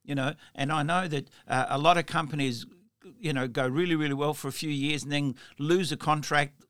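Bright-voiced man hosting. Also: a little high, fairly even intonation, brisk, clean tone, dry recording, clean studio sound. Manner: rambling, with many restarts and fillers. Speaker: podcast host. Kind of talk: interview chat.

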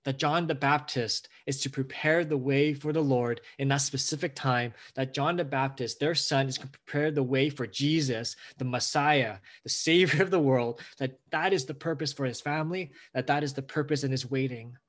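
A man's voice: mid-range voice, moderate pace, few pauses. Male pastor, sermon delivery, earnest, builds emotion through repetition. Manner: earnest, builds to emotional emphasis with repeated phrases.

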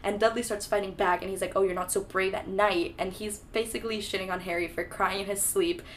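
A young woman chatting on a podcast in an easygoing, sarcastic way, swearing freely as she sums up the story. Her voice sits at a middling pitch. Faint background noise sits under the recording. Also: fairly even intonation, a little fast. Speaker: podcast co-host. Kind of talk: casual book-discussion chat.

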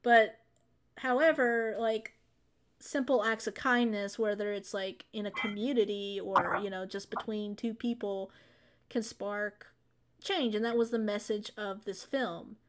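A woman's voice: medium pitch, steady tone, measured pace. A woman chatting casually about a film she saw, rambling with lots of fillers and restarts. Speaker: film reviewer. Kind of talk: casual chat.

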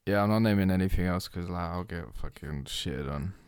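A man's voice: deep voice, brisk, a little mellow, clean tone, no echo, clean studio sound. A young man, chatting casually on a podcast, using laid-back slang and laughing often. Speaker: podcast co-host.

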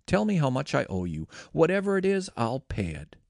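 A man's voice: on the high side, huge pitch swings, moderate pace, creaky, darkish tone, no room sound, clean studio sound, voice pushed up, full character voice. A man voicing Laban, a wealthy shrewd father-in-law, coaxing in manner.

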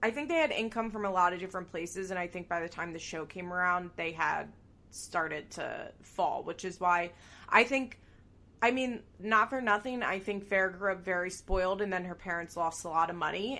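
A woman's voice: fairly low pitch, normal speed, sharp tone. A woman co-hosting a podcast, chatting casually and animatedly, laughing often and swearing now and then. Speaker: podcast co-host. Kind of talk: casual chat recapping a reality show.

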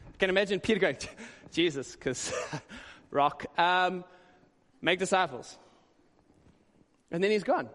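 A male pastor giving a conversational, animated sermon with quick asides. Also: sits high. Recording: long hall reverb.

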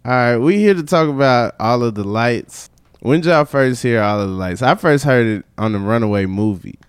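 A man's voice: mid-range voice, expressive, normal speed, clean tone, dry recording. A man co-hosting a podcast, easygoing in casual chat and steering the topic. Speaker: podcast co-host.

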